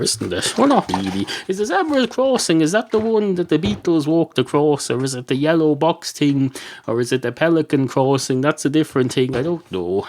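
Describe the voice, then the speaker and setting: A man's voice: a little high, darkish tone. Rambling man with many fillers. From Ireland. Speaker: podcast host. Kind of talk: rambling solo comedy monologue.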